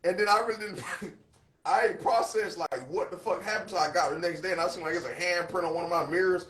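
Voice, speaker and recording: A man chatting casually as co-host, telling a wild story full of profanity and animated retellings. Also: sits high, fast, roomy sound. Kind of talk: casual chat.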